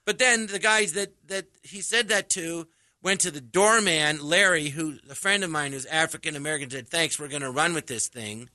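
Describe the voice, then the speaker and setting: A male comedian chatting on a radio show, animated and acting out quoted lines as he tells stories. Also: on the high side, normal speed, no room sound. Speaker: comedian guest. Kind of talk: casual radio chat.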